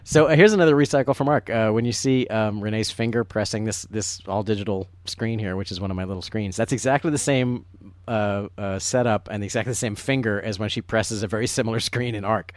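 A man's voice: on the low side, fairly quick, no echo. A man chatting as a film director on a commentary track, rambling and self-mocking, with frequent laughs.

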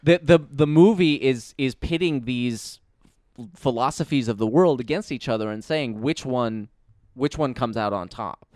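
A man's voice: medium pitch, normal speed, dry recording, clean studio sound. Man in casual movie chat. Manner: animated, stumbling restarts. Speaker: film commentary co-host.

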